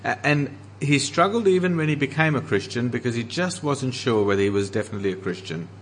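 A man's voice: mid-range voice, animated, slight background noise. Earnest man preaching. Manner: earnest preaching, slowing for emphasis on scripture quotes. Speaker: pastor. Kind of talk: sermon.

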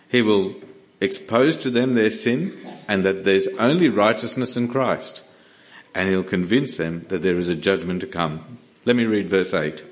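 A man preaching a sermon in an earnest, emphatic way, often restarting his words. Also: fairly low pitch.

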